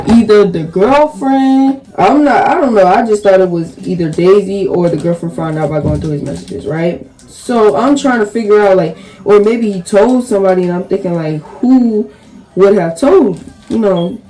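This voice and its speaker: A woman's voice: mid-range voice, warm tone, rough recording. A young woman telling a casual storytime vlog, rambling along with lots of "like"s and restarts. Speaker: storytime vlogger.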